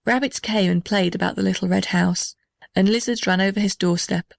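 A woman narrating a children's story in a gentle, even reading voice. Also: mid-range voice, a little fast, creaky, dry recording, clean studio sound. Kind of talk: scripted narration.

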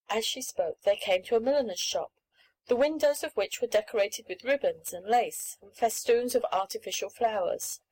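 A woman reading a children's story aloud in a clear, measured storytelling manner. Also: on the high side, expressive, a little mellow, low-quality recording. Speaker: audiobook reader. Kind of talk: scripted narration of a children's story.

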